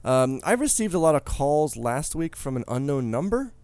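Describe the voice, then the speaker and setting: A man's voice: on the high side, very animated, normal speed, a little mellow, clear, resonant tone, no echo. A man in his thirties co-hosting a podcast in casual, joking, rambling chat. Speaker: podcast co-host.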